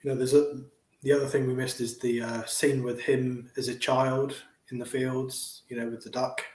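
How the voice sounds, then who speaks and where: A man's voice: mid-range voice, level tone, a little hiss or hum. Hesitant man in an echoey room. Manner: quiet, hesitant, halting. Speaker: co-host. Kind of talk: casual movie review chat. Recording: roomy echo.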